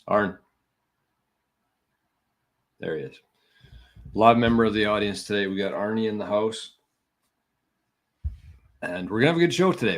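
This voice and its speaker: A man hosting a live podcast stream, chatting casually and scattered, a little out of breath and poking fun at himself. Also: fairly low pitch. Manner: scattered, self-mocking, talking to viewers. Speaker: podcast host.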